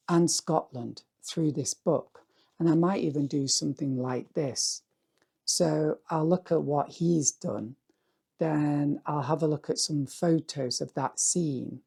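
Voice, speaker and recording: Male artist vlogger, hoarse and rambling; mellow, gravelly tone, unhurried. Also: fairly high pitch. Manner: rambling, musing, often asks "yeah?". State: hoarse, voice going dry. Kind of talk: casual talk to camera.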